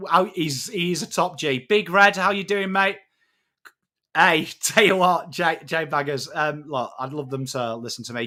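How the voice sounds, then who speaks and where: An English man hosting a live footy stream, chatting matily with viewers and breaking down trades, swearing now and then. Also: high voice. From England. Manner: matey, excitable, swears freely, greets chat by name. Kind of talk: casual live-stream chat and trade analysis.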